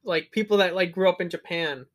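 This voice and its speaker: Laid-back young man with a higher voice. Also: fairly quick. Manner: laid-back, laughs easily, casual swearing. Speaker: podcast co-host. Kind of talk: casual chat.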